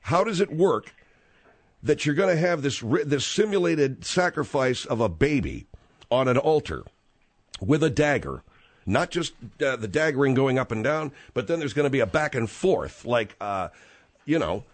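Brief: male talk-radio host, very lively, swooping pitch, dry studio sound, pressing incredulous questions. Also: normal speed, dry recording. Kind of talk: radio call-in argument.

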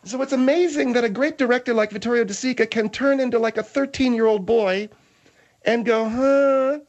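An exasperated guest talks in a knowing way on a comedy talk radio show. The voice sits at a middle pitch. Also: brisk, darkish tone, highs cut off. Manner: knowing, name-dropping, exasperated.

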